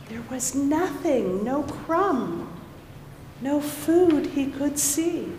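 A woman's voice: sits high, expressive, slow pace, a little hiss or hum. A woman reading a rhyming children's story aloud at a family worship service, coaxing her young listeners along. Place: large synagogue sanctuary. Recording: echoey hall with faint ambience.

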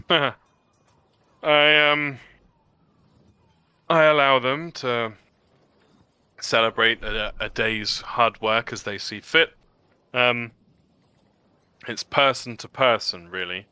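A man voicing a disciplined woman marine commander, speaking in a slow, measured way with a very bright, clear tone. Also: medium pitch, dry recording. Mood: proud, measured.

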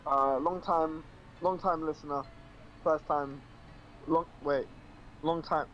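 A man's voice: a little high, fairly even intonation, slow, a bit bright, highs cut off, faint music behind. A young man playing a game with a friend, bantering playfully with lots of ums and likes. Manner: playful, joking banter with a lot of fillers. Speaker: co-player. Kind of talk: casual gaming chat.

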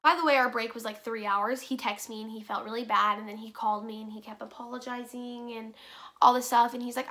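A woman's voice: a little high, steady tone, brisk, a bit bright. A teenage girl telling a story to her camera, chatty and full of fillers, acting out what others said. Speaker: vlogger. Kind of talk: casual storytime.

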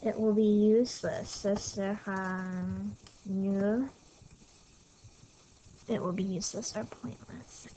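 A woman's voice: medium pitch, fairly even intonation, takes it slowly, pauses often, dark tone. Woman teacher, leisurely delivery, chatty recorded French lesson, scratchy tablet audio. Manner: casual, chatty, apologetic asides. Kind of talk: recorded lesson over slides. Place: home. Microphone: tablet mic.

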